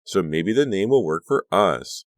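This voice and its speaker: A man voicing a quick-witted, sarcastic teenage girl who jokes in a horror audiobook. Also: deep voice, lively intonation, no room sound, studio quality, voice pushed up. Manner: sarcastic, joking.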